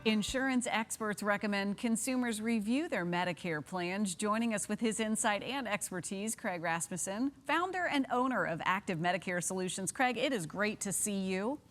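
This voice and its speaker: A woman co-hosting a live local morning talk show, with a bright, animated presenter delivery. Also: mid-range voice, moderate pace, hardly any pauses, soft background music. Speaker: co-host.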